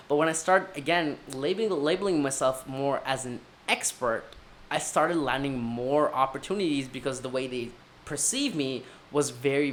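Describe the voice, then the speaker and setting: Young guy chatting career advice, animated and a bit sweary. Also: medium pitch, slight background noise. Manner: animated, swears casually, acts out dialogue. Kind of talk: casual storytelling advice.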